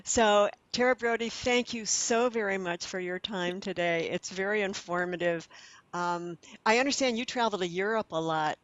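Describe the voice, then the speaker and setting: A woman hosting an interview, encouraging her guest with warm interjections. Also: mid-range voice, moderate pace. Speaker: interview host. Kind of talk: casual interview. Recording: dry, dull lo-fi recording.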